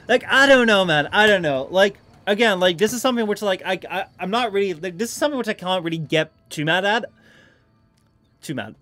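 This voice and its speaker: A young man livestreaming a game, swearing freely, with loud frustrated outbursts and rambling, filler-heavy asides. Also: high-pitched, animated, brisk, no room sound. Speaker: streamer. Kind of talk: live gaming stream commentary.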